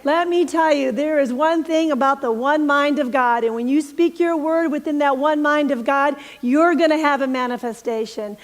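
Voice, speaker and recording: A woman's voice: high-pitched, moderate pace, few pauses, long reverb tail. A middle-aged woman minister giving an earnest, storytelling sermon and leading a guided prayer. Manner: earnest, storytelling, drops to soft emphatic whispers.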